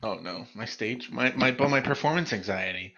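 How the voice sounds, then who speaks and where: Man at a game table, bright and quick to joke, on a muffled lo-fi mic. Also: medium pitch, lively intonation. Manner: joking, self-conscious, halting in character. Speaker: player.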